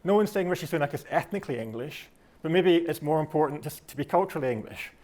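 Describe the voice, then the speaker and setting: Scottish male speaker, quick and fairly high, reflective lecturer who restarts his phrases. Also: animated, a little mellow. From Scotland. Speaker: speaker giving a talk. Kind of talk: delivered talk.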